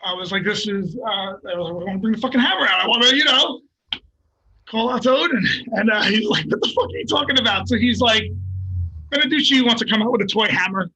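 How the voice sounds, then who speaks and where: A middle-aged man, a fighter, telling a story in a casual, profane and animated way and laughing at himself. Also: high-pitched, quick pace, breathy edge, dull audio. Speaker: guest, MMA fighter.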